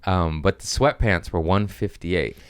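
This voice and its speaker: A man's voice: low voice, a little slow, smooth, no echo, studio quality. A man hosting a podcast, telling comic stories casually with lots of swearing and put-on voices. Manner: rambling, profane, animated impressions. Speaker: podcast host. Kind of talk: casual comedic storytelling.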